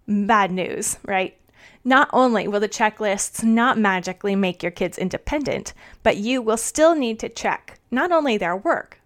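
A middle-aged woman reading her audio blog as a podcast host, cheerful and earnest. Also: on the high side.

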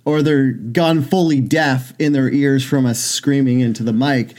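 A young man co-hosting a casual comedy podcast, rambling and self-mocking, and jumping into silly high voices when he quotes people. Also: steady tone, unhurried, a little mellow. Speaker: podcast co-host.

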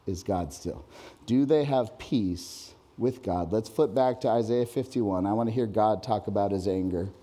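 A man preaching a sermon in a church hall, animated, rising loud and high whenever he reads scripture aloud. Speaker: pastor.

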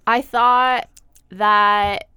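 A young woman co-hosting a casual gossip podcast in a campus studio, teasing and quick to laugh. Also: medium pitch, smooth, no room sound. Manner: animated, teasing, laughs often. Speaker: podcast co-host.

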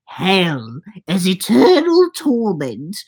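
Posh, pompous reader, as a man puts it on, slow and swooping with a high lilt. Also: wildly swooping pitch, darkish tone, slightly rough, exaggerated voice. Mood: grandiose. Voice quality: exaggerated posh, drawn-out. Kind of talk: mock-solemn reading aloud.

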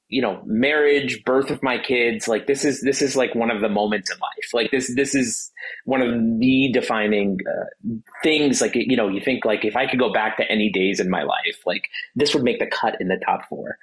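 A man, a trial attorney, talking casually as a podcast guest in an emotional, halting way, full of restarts and fillers. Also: mid-range voice, husky, rough recording. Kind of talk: casual interview talk.

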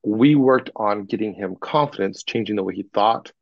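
A man working as a communication coach, telling animated stories about clients and acting out what they said in an interview. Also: fairly low pitch, moderate pace, creaky, no room sound, muffled recording. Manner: animated anecdotes, acts out clients in quoted voices. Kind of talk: podcast interview, storytelling.

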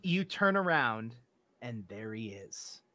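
A man narrating a tabletop game as game master, describing scenes deliberately. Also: medium pitch, very animated, bright, forceful tone. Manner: deliberate, descriptive, some restarts.

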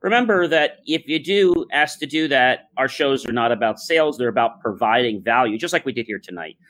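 A man hosting a talk show, speaking earnestly and calmly, with many uh and um fillers as he tells stories. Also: medium pitch, brisk. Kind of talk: casual podcast talk.

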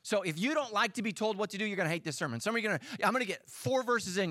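A middle-aged man, a lead pastor, preaching a sermon in a joking, animated, self-mocking way. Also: sits high, rapid-fire, hardly any pauses, no room sound. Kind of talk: sermon with storytelling.

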